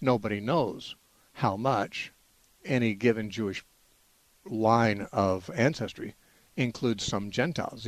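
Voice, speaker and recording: A man hosting a call-in radio Bible show, explaining in a measured way with frequent "uh" restarts. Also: mid-range voice, dry recording. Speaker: radio Bible-answer host.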